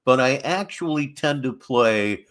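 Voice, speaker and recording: A man's voice: mid-range voice, lively intonation, unhurried, a bit bright. A man hosting a reaction stream, making dry, sarcastic asides and chatting about his guitars. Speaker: host reacting to clips. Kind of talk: casual commentary over a clip.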